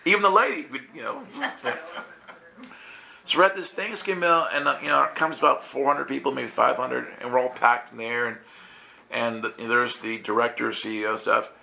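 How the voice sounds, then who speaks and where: A male preacher with a gravelly, bright voice delivers an animated sermon. He laughs often and slips into playful voices for the people in his stories. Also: medium pitch, moderate pace. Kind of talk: lively sermon with storytelling.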